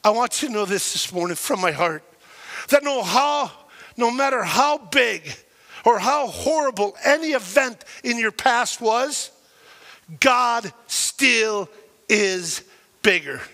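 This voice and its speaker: A male pastor preaching in an animated, emotional way. His voice sits very high and sounds bright and forceful. A long reverb from the church hall trails after his words. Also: takes it slowly. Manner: animated, emotional storytelling with acted quotes. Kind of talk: sermon.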